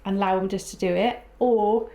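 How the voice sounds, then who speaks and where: A woman co-hosting a podcast, chatting casually and giving reflective, measured advice. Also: medium pitch, steady tone, warm tone, highs cut off. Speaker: podcast co-host. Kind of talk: casual chat.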